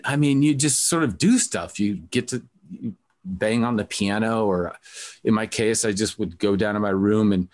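Chatty low-voiced male host. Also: normal speed, darkish tone. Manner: chatty, rambling storyteller. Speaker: interview host. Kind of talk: casual interview chat.

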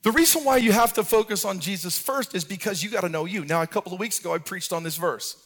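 A middle-aged man preaching from the pulpit with a high-pitched voice. He tells his stories in a relaxed way, then lifts into a sung, rhythmic preacher's cadence. It is a sermon voice through and through. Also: fast. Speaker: pastor.

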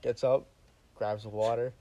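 A young man telling a story in casual chat, animated and profane, often laughing. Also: mid-range voice, normal speed, lo-fi sound, a little hiss or hum.

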